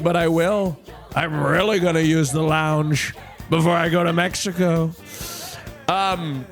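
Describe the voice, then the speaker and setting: A man's voice: fairly high pitch, fairly bright tone. A man streaming casually to his chat, rambling and camp, with crude jokes. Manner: rambling, camp and crude, swinging from chirpy to mutter.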